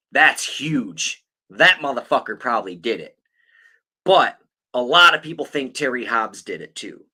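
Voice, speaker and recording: A man's voice: mid-range voice, sharp tone. A man on a podcast, telling a story in a rambling, swear-heavy, casual way. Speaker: podcast co-host.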